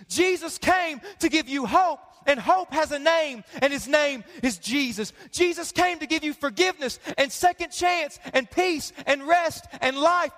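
A man's voice: very high voice, sharp tone, big-room sound. A man preaching a sermon with passionate, repetitive emphasis that builds. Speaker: pastor.

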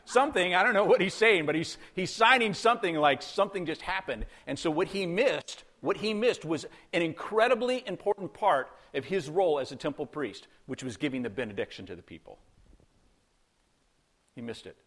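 A man's voice: on the high side, animated, a little fast, fairly bright tone. Male pastor, conversational sermon delivery, rhetorical questions, dramatized quotes.

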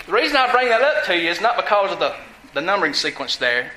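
A man's voice: sits high, expressive, fast, pushed and bright, reverberant, slight background noise, low-quality recording. A male pastor preaching a sermon, asking the congregation questions and repeating lines for emphasis.

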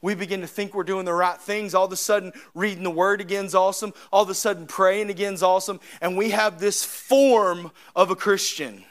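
A man preaching a sermon, reading scripture and breaking off into casual asides, rising to shouts at its peaks. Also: sits high, steady tone, a little fast, few pauses. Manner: preaching with sudden swings from quiet asides to shouting; reads scripture aloud, breaks off with asides and laughs. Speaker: pastor.

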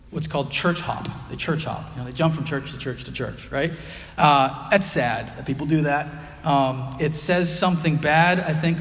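A man's voice: fairly high pitch, in a large hall. A man preaching a sermon as pastor, earnest and emphatic, with frequent fillers.

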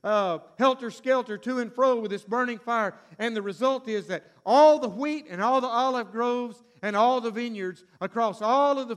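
A man preaching a sermon, retelling a story with animated, sudden shouts and acted-out voices. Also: sits high, clean tone.

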